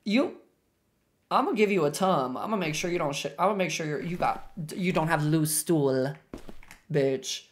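A woman's voice: low voice, animated, moderate pace. A young woman streaming a horror game live, chatting with viewers and shrieking when scared.

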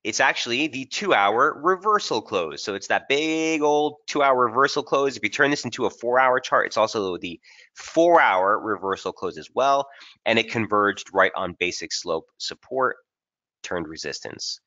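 A man's voice: medium pitch, lively intonation, moderate pace, pushed and bright, dull audio. A man hosting a live trading webinar, talking casually and energetically straight to his viewers as he walks through market analysis over charts.

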